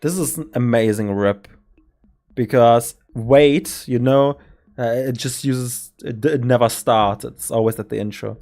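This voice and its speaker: A man's voice: mid-range voice, unhurried, darkish tone. German guy hosting a stream, rambly and giggly, mid voice. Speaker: game master and stream host. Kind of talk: casual stream chat, planning a campaign.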